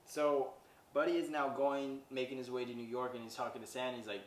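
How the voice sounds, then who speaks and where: A man's voice: mid-range voice, little pitch movement, brisk, slight background noise. Rambling podcast man in echoey room. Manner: rambling, retells scenes with "he's like" and acted quotes. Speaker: podcast host. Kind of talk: casual movie recap. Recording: echoey room, mic at a distance.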